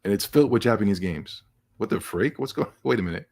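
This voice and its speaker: A man's voice: fairly low pitch, lively intonation, fast talker, creaky, darkish tone, slightly rough. A man hosting a podcast, giving casual gaming news commentary in a sarcastic, emphatic rant with laughs between remarks. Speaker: podcast host.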